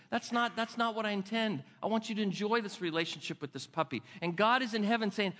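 Older man, pastor, sermon; bright, forceful delivery with chatty restarts; big reverberant church hall. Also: high-pitched. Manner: conversational, restarts words, dips soft and slow for emphasis. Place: church sanctuary.

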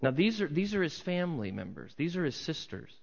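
A man's voice: on the high side, very animated, fairly quick, vocal fry. A middle-aged man preaching a sermon in a conversational way, now and then acting out voices from a crowd. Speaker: pastor. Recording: muffled sound with long hall reverb.

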